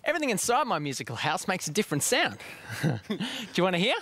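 A woman's voice: on the low side, huge pitch swings, fast, fairly bright tone, no echo. A woman presenting children's TV, bubbly and giggly, breaking into song. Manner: bubbly, giggly, sings along.

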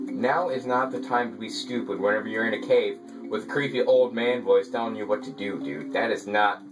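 A man giving casual gameplay commentary as a let's play gamer, excitable and quick to mock his own frustration. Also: fairly low pitch. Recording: distant mic with game music behind.

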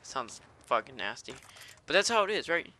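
A man's voice: mid-range voice, big pitch swings, moderate pace, background noise. A man doing live gameplay commentary, ranting and cursing in a fired-up rage. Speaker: gaming commentator.

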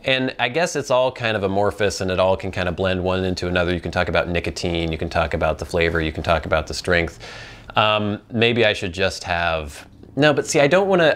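Low-voiced rambling male host. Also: a bit bright, a little hiss or hum. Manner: rambling, thinks aloud with many ums. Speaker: pipe tobacco channel host. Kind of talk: casual viewer Q&A chat.

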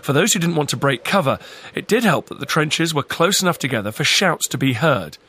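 A man narrating a documentary in a measured, solemn scripted read. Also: a little high, animated, bright, forceful tone, husky.

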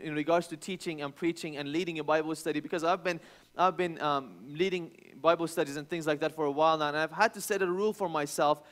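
High-voiced man preaching a sermon. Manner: storytelling with restarts, rising to loud emphatic bursts. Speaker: pastor.

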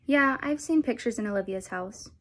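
A woman's voice: fairly high pitch, moderate pace, lightly acted. Woman voicing a self-assured teen girl in a storybook, blunt and matter-of-fact.

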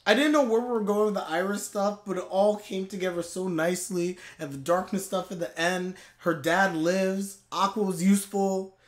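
A man streaming a live anime reaction, talking in an excitable, animated way. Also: high-pitched, normal speed, few pauses.

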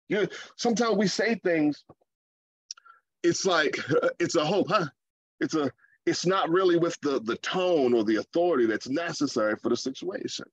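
A man, chatty and animated, slipping into quoted voices to make his point. His voice sits fairly high for a man. The sound is dry and a little dull. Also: no echo. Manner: animated, conversational preaching with playful asides and acted quotes. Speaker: preacher. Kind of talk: sermon.

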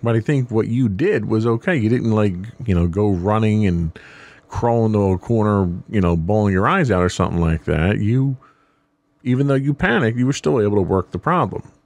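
A man's voice: fairly low pitch, animated, moderate pace, darkish tone, no echo. A middle-aged man hosting a family podcast, talking things through in a reflective, explaining way. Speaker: podcast host. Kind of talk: casual podcast talk.

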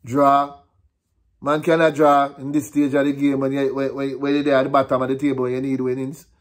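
A man's voice: medium pitch, completely flat delivery, brisk. A Jamaican man ranting on his vlog, frustrated and repetitive, slipping between patois and English. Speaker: vlogger.

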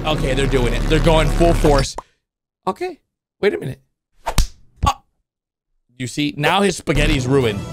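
A YouTube reaction host giving excitable commentary over cartoon clips, often breaking into high shouts and laughter. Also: moderate pace, long pauses, over music.

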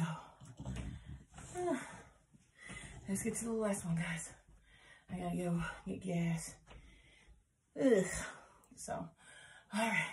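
A woman with a gravelly, mid-range voice films a casual workout vlog at home, with background noise present. Out of breath, she counts her squats aloud and chattily encourages her viewers.

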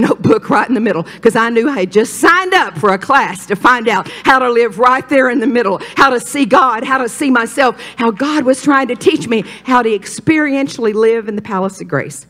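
An older woman preaching a sermon at a women's retreat, animated and folksy, jumping up in pitch for emphasis. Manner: animated, folksy storytelling with sudden rises in pitch.

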